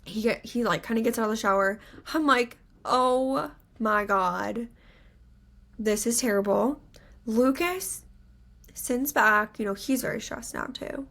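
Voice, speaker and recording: Young woman podcast co-host, chatty and a bit high-voiced, spins a story with lots of "like" and acted-out quotes. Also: unhurried, gravelly. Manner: animated storyteller, acts out quotes, many "like" fillers. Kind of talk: casual chat, storytelling.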